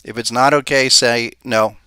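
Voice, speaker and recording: Guy doing live market commentary, bright crisp voice, dry close sound, chatty and thinking out loud. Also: mid-range voice, steady tone, normal speed, no room sound. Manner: conversational, thinking aloud with rhetorical questions. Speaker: podcast host and market analyst.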